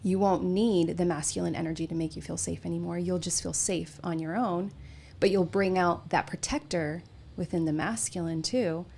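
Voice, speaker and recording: A woman with a lowish voice speaks calmly and explains things in a casual spiritual podcast chat. A faint hiss sits under her voice. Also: normal speed, gravelly, few pauses. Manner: calm, explanatory, with short affirmations.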